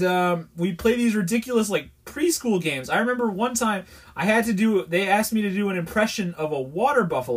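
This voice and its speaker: With a high-pitched, husky voice, this New York podcast host talks briskly and expressively. He's telling a rambling, exasperated story, candid and casual throughout.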